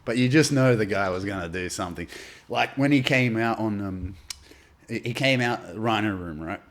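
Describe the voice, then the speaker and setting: An Australian man in casual podcast chat, telling animated anecdotes and swearing freely. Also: fairly low pitch, moderate pace. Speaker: podcast guest, artist.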